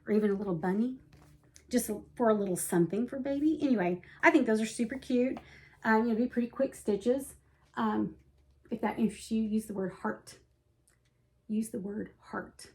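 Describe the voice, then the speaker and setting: A woman vlogger chatting casually as she shows cross-stitch books, gushing over small designs and slipping into soft hushed asides. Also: fairly high pitch, moderate pace. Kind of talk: casual show-and-tell chat.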